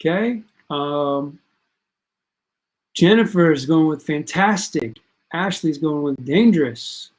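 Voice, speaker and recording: Livestream quiz host, chatty, reads answers and scores aloud, parent, casual, middle pitch. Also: expressive, takes it slowly. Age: adult parent. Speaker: host of an online student quiz stream.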